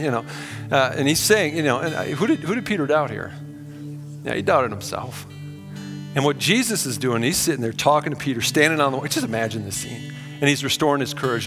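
A man's voice: a little high, expressive, quick pace, big-room sound, music in the background. A man preaching a sermon as pastor, earnest and conversational, acting out quotes as he goes.

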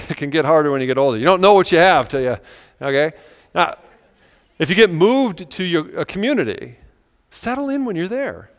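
A man's voice: high voice, fairly bright tone, big-room sound. A man preaching a sermon in a church, talking in a conversational, earnest way with many rhetorical questions. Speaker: pastor. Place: church sanctuary.

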